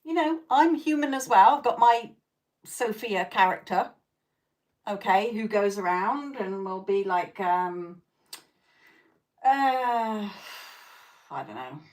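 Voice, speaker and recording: A woman's voice: mid-range voice, expressive, slow, long pauses, a little mellow. Blunt, laughing woman psychic host. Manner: blunt and profane, laughing often; coaching, repeats "okay?" to check in. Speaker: psychic tarot reader hosting a live stream. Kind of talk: casual live-stream chat with viewers.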